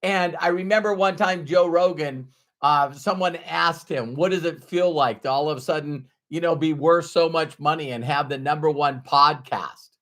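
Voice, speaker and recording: A man's voice: a little high, moderate pace, fairly bright tone. A middle-aged man giving a motivational talk to camera, emphatic, repeating his key phrases for effect. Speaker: motivational speaker.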